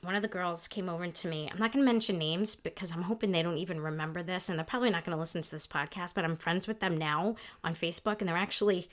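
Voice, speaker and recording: A middle-aged woman co-hosting a couples podcast, telling high school stories in an animated way and laughing along. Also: fast, few pauses. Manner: animated, laughs through her own stories. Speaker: podcast co-host. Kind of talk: casual storytelling chat.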